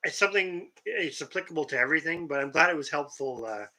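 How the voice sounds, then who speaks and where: A man co-hosting a late-night homestead livestream from home, his voice hoarse and cracking as he chats casually with fillers. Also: a little high, fast talker, poor audio. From Canada. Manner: relaxed, chatty, trails off with fillers.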